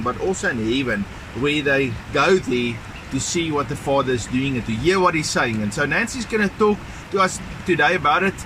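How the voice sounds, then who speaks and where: A man hosting a ministry video, earnestly introducing a speaker while he walks outdoors beside a river. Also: a little high. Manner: earnest, encouraging. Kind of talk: casual spoken introduction while walking. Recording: outdoor noise behind.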